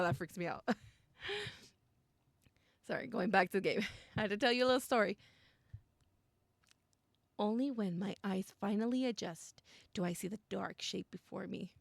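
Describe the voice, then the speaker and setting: Excitable young woman with gravelly fry. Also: medium pitch, no echo. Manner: excitable, gasps and squeals at scary moments, mixes in Spanish. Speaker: streamer playing a visual novel. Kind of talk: reading game text aloud with reactions and chat.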